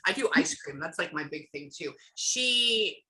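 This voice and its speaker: A woman's voice: fairly low pitch, lively intonation, unhurried, sharp tone. A woman working as a psychic medium, chatting through a reading and acting out what she hears, on camera. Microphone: camera or video call.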